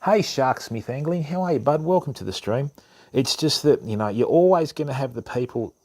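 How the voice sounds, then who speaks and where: An Australian man hosts a fishing channel, chatting casually with viewers on a live stream and calling everyone mate and bud between lots of ums. His medium-pitched voice is expressive, brisk and a little mellow.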